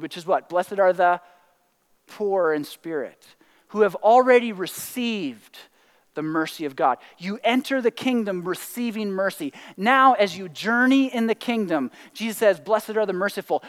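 A high-pitched male pastor preaches in a big-room acoustic, talking conversationally with plenty of "like" and "right?". Every so often he bursts into excited whoops.

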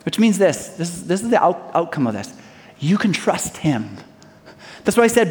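A man preaching a sermon as pastor, swinging between loud declarations and hushed lines, and acting out folksy small-town dialogues. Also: high-pitched, big pitch swings, normal speed. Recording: long hall reverb.

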